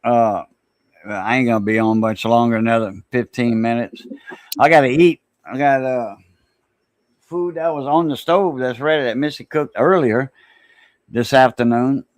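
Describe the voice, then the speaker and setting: A man's voice: mid-range voice, normal speed, dry recording. Cajun man, stream host, laid-back rambling delivery, dry close sound. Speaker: livestream host. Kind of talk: casual livestream chat.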